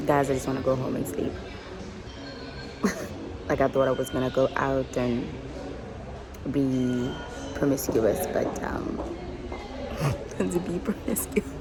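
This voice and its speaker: A young adult woman vlogging in a casual, chatty way, animated and laughing often, with many fillers. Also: low-pitched, very noisy. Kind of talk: casual chat. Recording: echoey room.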